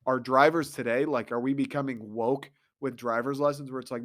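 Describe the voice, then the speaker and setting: A man's voice: medium pitch, steady tone, fairly quick, few pauses, a bit bright. A man hosting a show, delivering a profane, sarcastic comedic rant in an exasperated tone. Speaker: podcast host.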